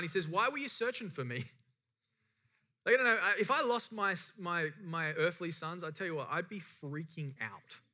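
A man's voice: sits high, pushed and bright. A middle-aged man preaching a sermon to a congregation with impassioned, rising and falling emphasis. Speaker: pastor.

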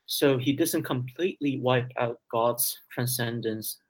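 A man's voice: medium pitch, measured pace, husky, low-quality recording. A man being interviewed as a guest scholar, talking hesitantly with many ums and repeated words. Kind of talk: interview discussion.

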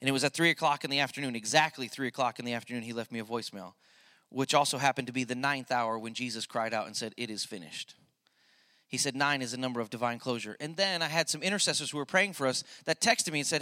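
A middle-aged male pastor preaching a sermon, telling a story and building to loud, emphatic peaks. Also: mid-range voice, quick pace, no echo, big-room sound.

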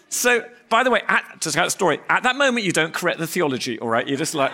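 A man, a pastor, preaching with lively stories and acting out voices. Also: sits high, brisk, few pauses. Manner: animated, acts out voices in anecdotes. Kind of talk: sermon with storytelling.

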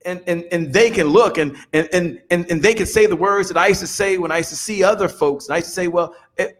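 A man in his fifties, a business guest on an interview show, telling stories in an animated motivational way and often repeating words as he builds up. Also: high voice, fast. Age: 50s. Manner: animated storyteller, repeats words when excited.

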